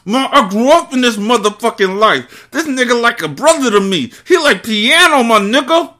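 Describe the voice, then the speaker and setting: A strained, high-pitched thug snarls every word through locked teeth, sounding clipped and tight, as a reader puts him on. The voice is forceful and bright, pushed well above the performer's usual register. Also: male voice, lively intonation, moderate pace, heavily acted. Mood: clenched menace. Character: male gangster talking through clenched teeth.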